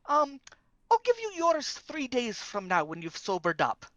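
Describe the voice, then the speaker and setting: A woman's voice: fairly high pitch, huge pitch swings, a little slow, fairly bright tone, no room sound, lo-fi sound. A woman playing a tabletop game, speaking in character in a playful, slangy way. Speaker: player.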